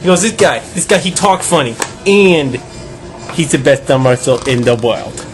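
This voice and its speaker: A man plays a bragging bookie who tells his story in loops, repeating every line twice. The voice sits a little high, and music plays loudly behind him. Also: expressive, moderate pace, lightly acted. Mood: rambling. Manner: rambling, repetitive storyteller. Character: boastful male bookie and agent. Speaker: interviewee. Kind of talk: improvised mockumentary acting.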